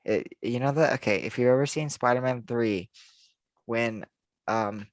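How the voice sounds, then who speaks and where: A man's voice: mid-range voice, measured pace, no echo. A man co-hosting a casual podcast chat, rambling with lots of fillers and frequent laughs. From United States. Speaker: podcast co-host.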